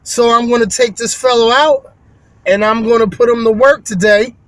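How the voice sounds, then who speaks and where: A man's voice: very high voice, steady tone, normal speed, fairly bright tone, no room sound. A man who runs a window cleaning business, talking to viewers in a rambling, folksy vlog, full of fillers and restarts. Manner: folksy, addresses viewers as y'all. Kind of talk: casual vlog monologue.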